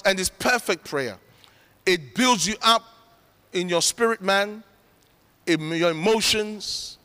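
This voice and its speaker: High, bright-voiced man preaching. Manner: earnest, conversational, emphatic. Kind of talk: sermon. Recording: long reverb of a large hall.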